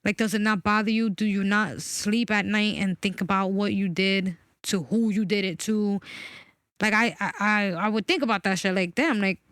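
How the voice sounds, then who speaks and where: A woman's voice: medium pitch, normal speed, fairly bright tone, no echo, clean studio sound. A woman in her forties talking candidly and emphatically about a personal experience, swearing freely. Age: 40s. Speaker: guest.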